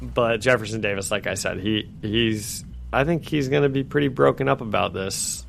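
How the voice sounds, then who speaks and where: A man co-hosting a casual comic-book podcast, recapping scenes with animated delivery, acting out the quoted lines and laughing between phrases. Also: on the low side, normal speed, gravelly, slight background noise. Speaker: podcast co-host.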